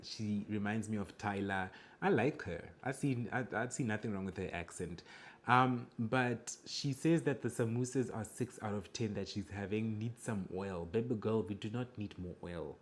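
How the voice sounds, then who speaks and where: A man with a fairly low voice reacts to clips with blunt, judgmental remarks. He lectures his viewers in a direct, opinionated way. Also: slight background noise. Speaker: reaction video host. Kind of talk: reaction commentary.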